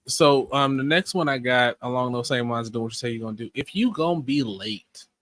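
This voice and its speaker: A laid-back man co-hosting a podcast with a bright, forward voice. He talks in an easygoing, wry manner and rarely swears. The recording is close and dry. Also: medium pitch, normal speed, dry recording. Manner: easygoing, wry, mild-spoken. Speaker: podcast co-host. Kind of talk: casual chat.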